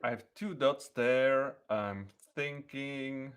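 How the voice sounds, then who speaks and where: Relaxed man playing a tabletop game. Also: medium pitch, takes it slowly, smooth. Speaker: player. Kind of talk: casual tabletop play.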